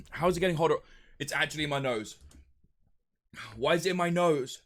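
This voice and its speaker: A man live-streaming a hot sauce tasting, giving an animated running commentary and complaining about the heat. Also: a little high, brisk. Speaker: livestreamer.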